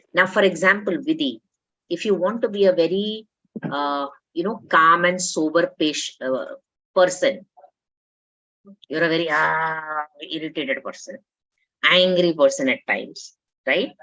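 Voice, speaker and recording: Indian lady coach chatting to a group, lowish voice, coaxing, muffled recording. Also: fairly bright tone. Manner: conversational, coaxing, mixes Hindi into English. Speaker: life coach. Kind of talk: motivational talk with a participant. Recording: dull lo-fi audio.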